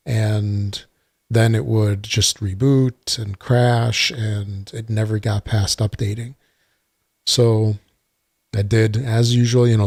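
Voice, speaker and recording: A man's voice: fairly low pitch, creaky, a little mellow, no echo. A man hosting a casual solo gaming podcast, rambling with lots of uhs and some dry sarcasm. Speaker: podcast host. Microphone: desktop computer mic.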